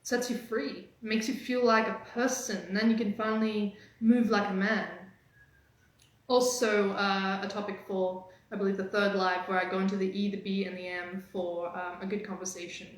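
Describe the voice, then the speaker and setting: A woman dating coach giving energetic, teasing motivational talk on a live stream. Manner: energetic, teasing, fast-changing pitch. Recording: very echoey room.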